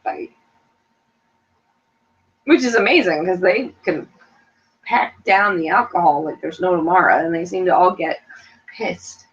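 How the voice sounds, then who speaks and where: On a dull lo-fi recording, a middle-aged woman who is a mother and chat show co-host talks in a fairly low voice, a little slowly, with long pauses. She's lively and chatty, laughs a lot, and does voices when quoting others.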